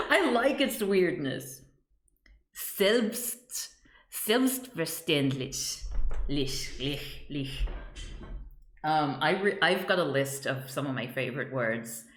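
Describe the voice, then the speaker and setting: A woman chatting casually on a live stream as she works, halting and laughing often as she greets viewers. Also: on the low side, a bit bright, roomy sound. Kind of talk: casual live-stream chat while working.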